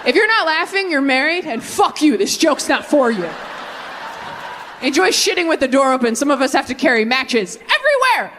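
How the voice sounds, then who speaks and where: A woman in her thirties works a live crowd from a stage, her voice pitched high and bright. She is brash and profane. She keeps throwing in quick self-mocking asides, with a faint hum of the room behind her. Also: big pitch swings. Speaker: stand-up comedian. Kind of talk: stand-up comedy set with crowd work. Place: comedy stage before a live audience.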